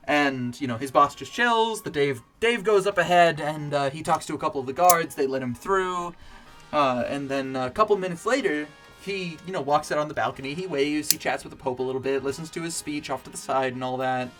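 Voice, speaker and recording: On a home stream, a man whose voice sits a little high and a bit bright tells a long shaggy-dog joke, talking a little fast. He wanders through it with many fillers and restarts while faint music plays underneath.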